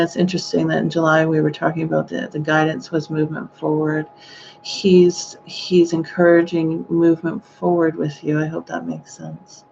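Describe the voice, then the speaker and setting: Woman psychic reading live, soft and halting, a gravelly edge, muffled lo-fi recording. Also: low voice, slight background noise. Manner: gentle, hesitant, with sighing exclamations. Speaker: psychic medium.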